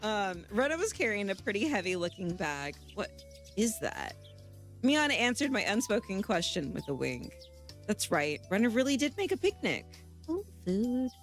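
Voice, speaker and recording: A woman's voice: mid-range voice, very animated, moderate pace, soft background music. A woman streaming live, chatting casually and reading a visual novel aloud, laughing often and swearing freely.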